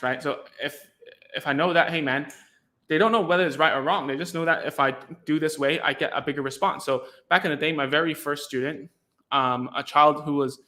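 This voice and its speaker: A bright-voiced man from Hong Kong with a fairly high pitch chats through a casual explanation. He is a podcast host and former ABA therapist whose chatty style relies heavily on "like" and includes acted-out sounds and reactions.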